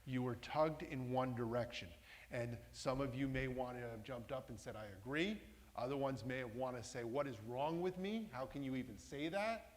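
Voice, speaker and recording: A man leads a workshop in a large meeting room and keeps putting questions to the audience in the room. His voice sits at an ordinary middle pitch. A long reverb from the hall trails behind every phrase. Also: normal speed. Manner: engaging, asks the audience questions. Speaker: workshop presenter. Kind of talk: interactive talk to a live audience.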